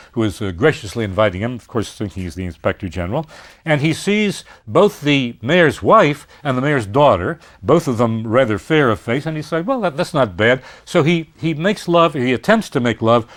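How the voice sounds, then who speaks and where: Animated male lecturer telling stories. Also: medium pitch. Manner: animated storytelling, acting out quotes, frequent "uh" fillers. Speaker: literature lecturer. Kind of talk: university lecture.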